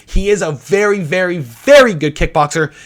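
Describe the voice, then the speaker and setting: This man's voice sits high with lively intonation as he hosts a casual talk predicting fights. He's blunt and opinionated, talks fast, swears often, and keeps restarting his sentences.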